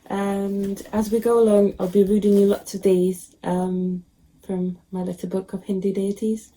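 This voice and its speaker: A woman teacher reading a picture book aloud to children, expressive and with frequent ums. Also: medium pitch, unhurried, a little hiss or hum.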